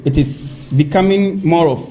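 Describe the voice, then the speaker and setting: A man's voice: fairly high pitch, a little slow, a little hiss or hum. A man with a Ghanaian accent arguing politics as a panelist, reading out statements and pushing back when he is cut off. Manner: animated, reads out documents, protests interruptions. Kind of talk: heated political debate.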